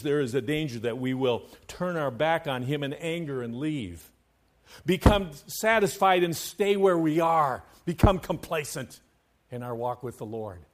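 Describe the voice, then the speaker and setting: A man preaching a sermon as pastor to his church, swinging between hushed, quiet stretches and loud, fervent passages, and chanting scripture in a sing-song cadence. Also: mid-range voice.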